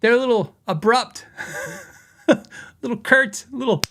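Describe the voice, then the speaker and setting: A podcast host with a fairly high voice for a man tells a story in a loose, rambling way. He restarts sentences and laughs often as he talks. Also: animated, moderate pace, a little hiss or hum. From western United States.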